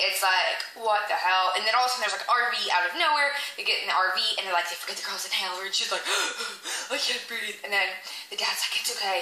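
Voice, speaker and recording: A young woman, chatting to camera as she retells a movie and acts out the lines in quick little voices. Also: medium pitch, sharp tone. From Philadelphia. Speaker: vlogger reviewing a movie. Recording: echoey room, faint noise.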